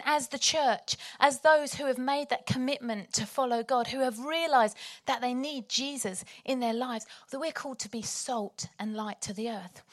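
A woman's voice: high-pitched, fairly bright tone. Chatty enthusiastic woman preacher. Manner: chatty, enthusiastic, laughs easily. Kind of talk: sermon.

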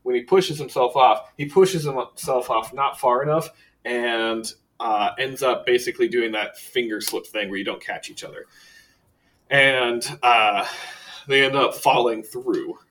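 A man's voice: medium pitch, a little slow, fairly bright tone, far from the mic. A man narrating a tabletop game as game master, loose and rambling with lots of fillers.

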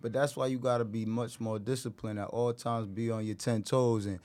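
A man guest on a podcast, speaking in a reflective, halting way with many restarts and AAVE phrasing. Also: mid-range voice, level tone, darkish tone. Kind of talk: casual chat.

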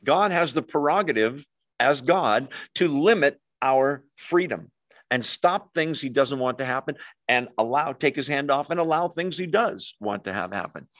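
Man, sermon, conversational, animated storytelling, dry sound. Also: mid-range voice, dry recording. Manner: conversational, animated storytelling with quick asides to the congregation. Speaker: pastor.

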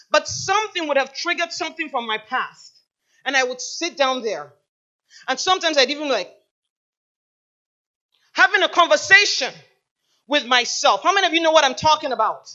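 Female pastor, middle-aged, high voice, impassioned sermon, dull lo-fi church recording. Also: bright, forceful tone. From United States. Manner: impassioned preaching, rhetorical questions to the congregation.

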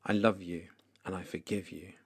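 A man voicing Jesus as a gentle, kind, forgiving adult man, speaking softly and tenderly. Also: low-pitched, fairly even intonation, normal speed, breathy edge, voice pushed down. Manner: soft, hushed and tender.

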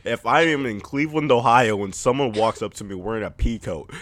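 A man's voice: mid-range voice, expressive, a little fast, fairly bright tone. A man co-hosting a podcast in casual chat, boastful and teasing, laughing often. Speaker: podcast co-host.

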